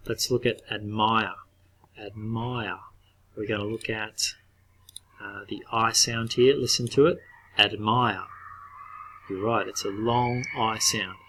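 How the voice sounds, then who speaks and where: A middle-aged male teacher giving a recorded spelling lesson to children, patient, repeating each word slowly and clearly. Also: on the low side, bright, forceful tone, poor audio.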